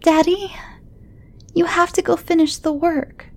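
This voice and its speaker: Woman doing a scared little boy, very high, pleading, for a horror story. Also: fairly even intonation, a little slow. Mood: upset pleading. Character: frightened little boy of four.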